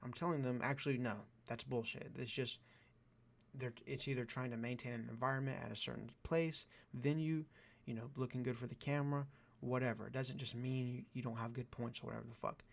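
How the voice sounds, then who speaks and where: A man's voice: medium pitch, steady tone, a little fast, vocal fry. A young man ranting in a vlog, profane and exasperated, with a sarcastic edge. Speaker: vlogger. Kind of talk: ranting commentary.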